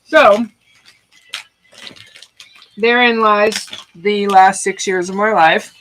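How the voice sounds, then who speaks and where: Bright-voiced chatty woman artist. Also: medium pitch, steady tone, drawn-out words, a little hiss or hum, poor audio. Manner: rambling, chatty, swears casually, laughs often. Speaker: artist streaming her work. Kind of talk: casual livestream chat while making art.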